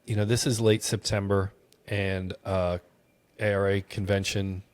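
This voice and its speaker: A man with a low voice talks a little slowly, with no echo, as he tells a travel story in a casual podcast interview. He's animated and energetic, laughing often throughout.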